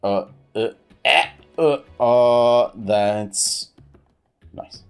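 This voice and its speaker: A man's voice: drawn-out words, gravelly, clear, resonant tone. A man in his thirties chatting on a live game stream, rambling with many fillers and restarts. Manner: pitch swings widely.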